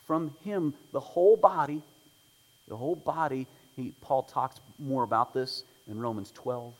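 In a church sanctuary, a pastor with a mid-range voice and measured pace opens his sermon with prayer, then explains a text conversationally with humorous asides. The audio is poor and echoes as if in a large hall.

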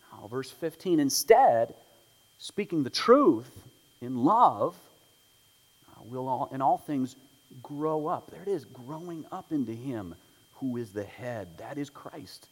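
A man's voice: fairly high pitch, husky, long reverb tail, rough recording. A man preaching a sermon as pastor of a church, praying and then explaining a text in a conversational way with humorous asides. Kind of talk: sermon with opening prayer. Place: church sanctuary.

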